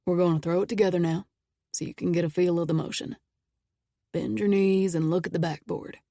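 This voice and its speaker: A relaxed, teasing young man with a low, easy drawl, as a female narrator puts him on. He has a slightly gravelly edge and sounds close and dry, like a storybook reading. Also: a little fast, no room sound, lightly acted. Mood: gentle, teasing.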